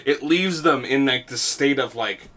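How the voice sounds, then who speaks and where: A man's voice: mid-range voice, measured pace, a bit bright, slight background noise. A man co-hosting a podcast, laid-back and chiming in with quips. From Canada. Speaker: podcast co-host. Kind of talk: casual chat.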